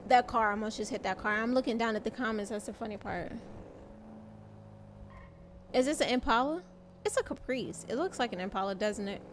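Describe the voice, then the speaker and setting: A woman's voice: a little high, brisk, long pauses, slight background noise. A woman streaming in-character game roleplay as a mother, talking bluntly and swearing freely. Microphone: desk microphone at a gaming setup.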